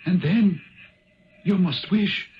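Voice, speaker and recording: A solemn, ancient Viking spirit turned Irish speaks in a strikingly high voice with an Irish accent, laying out his riddles slowly and gravely. This is a 1970s radio play heard through a dull, lo-fi broadcast. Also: a little hiss or hum. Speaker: Old Man of the Rock. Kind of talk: 1970s radio drama acting.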